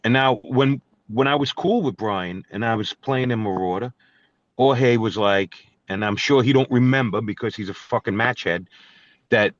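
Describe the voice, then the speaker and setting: A middle-aged man rants in a heated, profane, confrontational way. His voice sits at an ordinary pitch for a man. The recording is dry and a bit muffled. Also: normal speed, fairly bright tone, no room sound. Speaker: guest musician. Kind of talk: angry storytelling and call-out. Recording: dull, dry studio recording.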